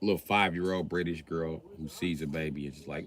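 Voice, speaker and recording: A man's voice: steady tone, a little fast, heavy background noise. A man doing a profane, mocking stand-up rant on a live stream. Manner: profane, mocking, jumps in pitch. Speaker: comedian streamer.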